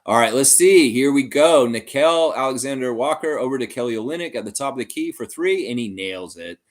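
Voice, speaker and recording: Guy streaming a game watchalong, super animated pitch, hyped fan commentary. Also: a little fast. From Canada. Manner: hyped, trash-talking fan play-by-play. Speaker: livestream host.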